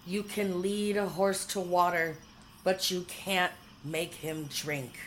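A woman narrating a whimsical storybook in a measured, dryly humorous way. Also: on the low side, steady tone, a little hiss or hum, rough recording.

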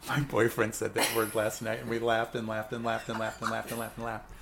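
A woman's voice: extremely low pitch, flat delivery, a little fast, vocal fry. Woman radio co-host, rambling, filler-heavy, background hiss. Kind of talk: casual radio chat. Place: radio studio. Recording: noisy studio recording.

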